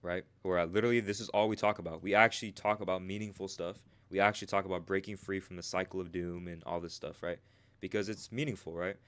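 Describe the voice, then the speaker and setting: Livestream coach: man, lowish voice, casual and talkative, keeps asking "right?". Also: steady tone, quick pace, a bit bright, smooth. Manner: tags nearly every sentence with "right?"; slangy and talkative, answers chat. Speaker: trading coach streaming live.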